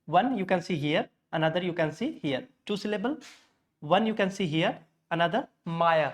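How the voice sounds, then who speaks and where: In this classroom pronunciation lesson, a male English teacher with a high-pitched, animated voice explains things step by step at a moderate pace. He slips in Hindi glosses and corrects himself as he goes.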